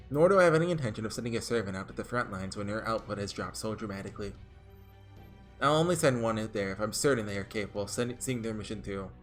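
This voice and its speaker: A man's voice: on the low side, close to an everyday voice. A man voicing a stern, fussy male commander in a stiff, lecturing tone.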